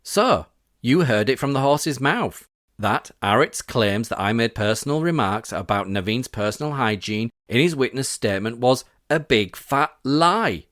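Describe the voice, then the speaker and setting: A man's voice: medium pitch, lively intonation, unhurried, fairly bright tone, no echo, studio quality. A man from Britain hosting a scripted podcast, reading out witness quotes with sarcastic, indignant asides. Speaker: podcast host.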